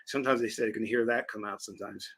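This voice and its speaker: Husky, emphatic man lecturing on spirituality. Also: on the low side, fairly even intonation, a bit bright. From Virginia, US South. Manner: emphatic, preaching, stretches key words slowly. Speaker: spiritual teacher and channel host. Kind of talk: lecturing livestream talk answering chat.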